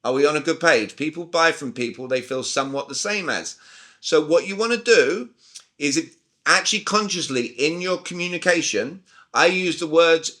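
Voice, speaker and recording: British male sales coach, 40s, somewhat high and forceful, on a video call. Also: moderate pace. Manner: emphatic, talks straight to the group with questions. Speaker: communication coach. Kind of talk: live online sales training.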